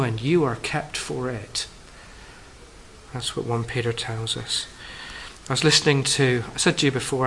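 Addressing his congregation as friends, a preacher swells for emphasis and sinks soft and low on the key phrases. The recording is low quality, with a little hiss or hum.

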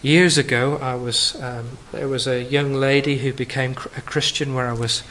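A man preaching a sermon to a congregation, addressing them as friends, rising for emphasis and dropping soft and low on key phrases. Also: steady tone, moderate pace, a little hiss or hum, rough recording.

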